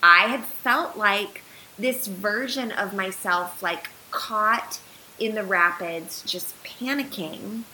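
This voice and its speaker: A woman's voice: medium pitch, slow pace, sharp tone, slight background noise, low-quality recording. A woman in her thirties, a podcast guest, telling a personal story earnestly and with animation, using many filler words.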